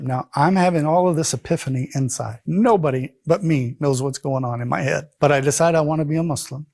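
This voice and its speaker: A middle-aged man from the United States with a husky, slightly rough voice at an ordinary pitch. He tells his own story casually and with energy. When he quotes other people, he shifts into their voices to act them out. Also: no room sound. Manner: animated, acts out quoted voices. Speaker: convert telling his story.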